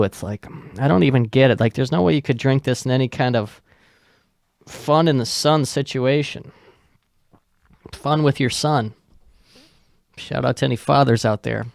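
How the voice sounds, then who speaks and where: A middle-aged man rants casually on his own podcast, swearing freely and mocking as he rambles. His voice has a gravelly rasp. He talks at a middle pitch, with a dry close sound. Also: no room sound. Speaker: podcast host. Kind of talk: casual solo podcast rant.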